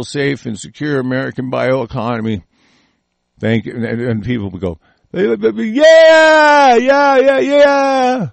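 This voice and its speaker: A man's voice: a little high, gravelly, dry recording. A man ranting angrily with heavy profanity, rambling and restarting his sentences.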